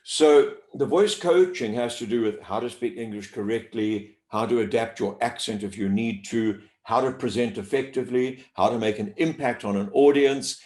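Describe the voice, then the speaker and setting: Expressive man coaching pronunciation, echoey room. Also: medium pitch. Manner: clear, deliberate teacher's delivery, stretching out sounds to demonstrate. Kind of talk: interview answers, explaining pronunciation.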